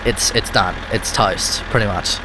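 A gaming video host with an Australian accent speaks a little slowly at a fairly low pitch. His gameplay commentary is loose and rambling, and he often corrects himself mid-sentence, with car engine noise behind him.

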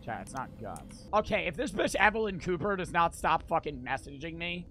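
A man's voice: on the high side, lively intonation, brisk, hardly any pauses, bright, forceful tone, a little hiss or hum. A young man streaming a horror game, reading its text aloud, swearing a lot and talking to his chat.

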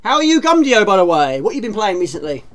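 A woman's voice: medium pitch, big pitch swings, fast talker, a little hiss or hum. Lady chatting over a game stream, voice bouncing up and down, keys clicking faintly. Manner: chatty, self-mocking, reads chat aloud. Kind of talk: casual game stream commentary.

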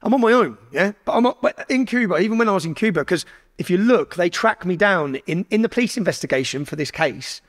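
A man's voice: high-pitched, quick pace. A man from England, a podcast guest telling a story casually, with lots of swearing and quoted dialogue. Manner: heavy swearing, animated retelling with quoted dialogue.

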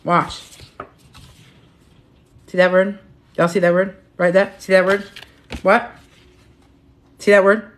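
A woman's voice: medium pitch, little pitch movement, slow, pauses often, slight background noise. Emphatic middle-aged woman coaching live. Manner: emphatic, repetitive, chatty, swears freely. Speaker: health and weight-loss coach. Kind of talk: motivational live stream talk.

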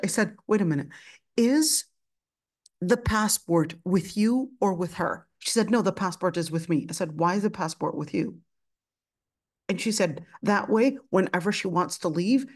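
A woman's voice: medium pitch, a little mellow. A woman teaching an Islamic studies class, telling a personal story with passion and acting out both sides of the conversation. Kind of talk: storytelling lesson with quoted dialogue.

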